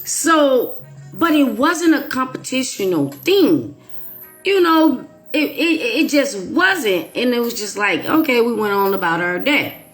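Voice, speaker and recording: A woman hosting her own channel, telling a personal story to viewers in an animated, emphatic way with playful asides. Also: a little high, unhurried, faint music behind. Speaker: YouTube channel host. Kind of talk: casual storytelling monologue to viewers.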